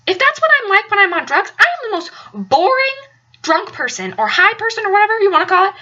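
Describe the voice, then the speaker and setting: A young woman chatting through a story with a very high, bright voice that jumps up and down a lot. She rambles and hammers points home by repeating them. The recording sounds dull and lo-fi. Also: very animated, fast talker. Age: young adult. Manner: chatty, rambling, emphatic repetition. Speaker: vlogger. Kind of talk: casual storytelling.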